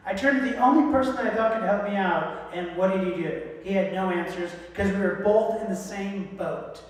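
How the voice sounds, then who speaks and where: A man delivers a sermon with lively humor, acting out the voices of people in his stories. His voice sits high, and he sounds far from the mic, with a long, roomy echo filling the church hall around him. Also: brisk. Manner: animated, joking, acts out voices in quotes. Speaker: guest speaker.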